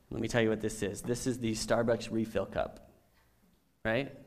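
A middle-aged man preaching a sermon as a pastor, telling stories with animation and swinging from soft to loud. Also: mid-range voice.

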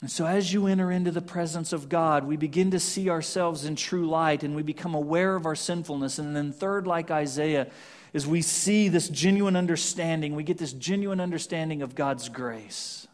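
A man preaching a sermon, swinging from loud emphatic scripture reading to hushed, almost whispered lines. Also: on the high side, normal speed. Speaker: pastor.

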